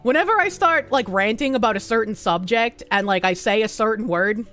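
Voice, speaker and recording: High, animated woman streamer. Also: a little fast, soft background music. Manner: animated, giggly, reads chat aloud. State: rough throat. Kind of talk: casual live-stream chat.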